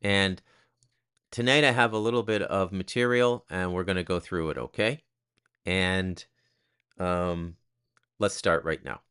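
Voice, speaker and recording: A man with a lowish voice and a bright, cutting edge talks off the cuff in a casual commentary. He is blunt and crude, and he jabs sarcastic asides at the listener. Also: measured pace, pauses often, clean tone. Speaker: host.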